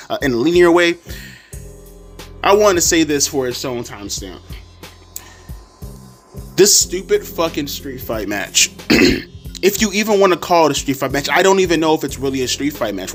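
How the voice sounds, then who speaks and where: A man giving a sarcastic, exasperated, profanity-heavy rant reviewing a wrestling show. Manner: mocking squeaky voices for people he quotes. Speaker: wrestling commentary podcaster.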